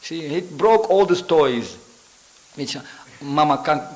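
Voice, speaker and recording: Slow and expressive, a visiting preacher with a fairly high voice delivers a storytelling sermon in a temple hall, animating the characters and laughing frequently. The recording is rough.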